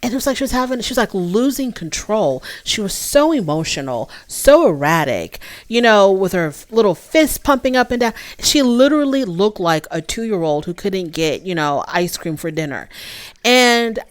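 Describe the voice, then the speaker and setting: A woman's voice: mid-range voice, animated, moderate pace, dry recording. A woman giving a casual, opinionated recap of a show, chatty and full of fillers. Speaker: show reviewer.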